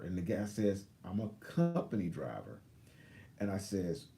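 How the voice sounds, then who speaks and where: A man's voice: lowish voice, big pitch swings, unhurried, creaky, warm tone. A man in his fifties, a truck driver, telling a rambling story on a live stream and backing up to restart often. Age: 50s. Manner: rambling, backtracks and restarts, acts out both sides of a story.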